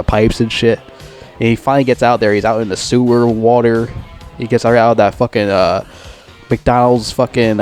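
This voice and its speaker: A man in the middle of a loose, unscripted film review, his voice pitched at an ordinary middle register. He rambles and swears freely, backing up and restarting his thoughts as he goes. Faint music plays softly behind him. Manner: profane, rambling, heavy swearing and fillers.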